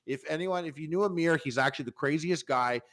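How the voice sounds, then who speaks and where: A man telling an animated, swearing story in casual podcast chat, acting out the quotes. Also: on the high side, fast. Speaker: podcast guest.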